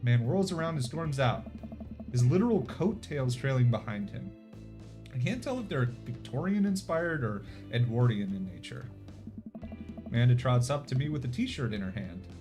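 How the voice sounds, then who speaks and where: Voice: medium pitch, animated, moderate pace. A streamer casually reading a game's story aloud, sometimes correcting themselves mid-word. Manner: casual, self-correcting narration. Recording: background music.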